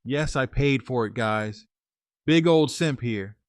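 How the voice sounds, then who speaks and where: Man, story narrator, conversational, fillers, medium pitch, very dry close sound. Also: slow pace, dry recording. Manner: conversational, plain-spoken, with fillers and restarts. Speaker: story narrator and channel host. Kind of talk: first-person story narration and casual commentary.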